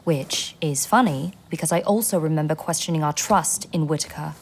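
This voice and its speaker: A stern, suspicious agent. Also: female voice, low voice, normal speed, slightly rough. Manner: stern, blunt. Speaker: intelligence agent.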